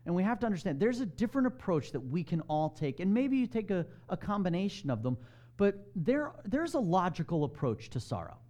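A man's voice: high-pitched, big pitch swings, fairly quick, warm tone. A man preaching a sermon in a conversational way, asking his congregation questions. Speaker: pastor.

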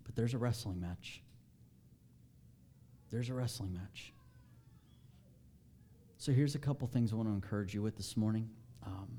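A male pastor preaching a sermon in a casual, animated way, pushing his voice up when he stresses a point. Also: on the low side, slight background noise.

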